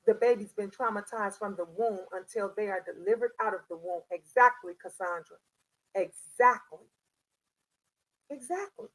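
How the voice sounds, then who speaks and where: A woman's voice: mid-range voice, lively intonation, moderate pace, fairly bright tone, poor audio. A middle-aged woman, hosting a livestream and giving parenting advice in a preachy, repetitive way while answering chat. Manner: preachy, repeats lines for emphasis, reads chat names. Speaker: livestream host. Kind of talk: casual live-chat monologue.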